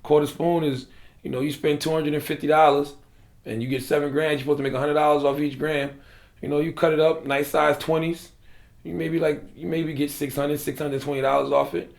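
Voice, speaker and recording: A man's voice: on the high side, little pitch movement, a little fast, vocal fry, reverberant. A man from South Carolina with a South Carolina accent, telling a story in casual, slangy interview talk. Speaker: guest.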